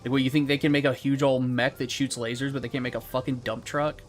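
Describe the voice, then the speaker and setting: A man's voice: mid-range voice, level tone, fast, faint music behind. A young man streaming a game, chatting casually with friends and chat in a rambling, profane, laid-back way.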